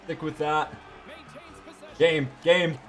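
A young man giving excited, hyped commentary over his own hockey video game, yelling at big plays and joking with crude words. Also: fairly high pitch, drawn-out words. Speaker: gaming YouTuber. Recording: faint music behind.

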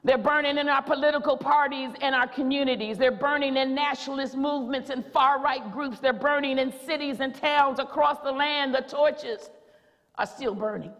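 A woman preacher delivering a rousing sermon in a church, repeating phrases and rising to shouts. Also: high voice, steady tone, normal speed, long reverb tail. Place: church sanctuary.

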